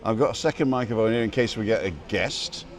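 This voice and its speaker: A man's voice: lowish voice, fast. Chatty male live-stream host outdoors. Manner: chatty, reads out viewer comments, jokey. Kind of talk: casual live-stream chat. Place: restaurant terrace outdoors. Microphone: wireless microphone.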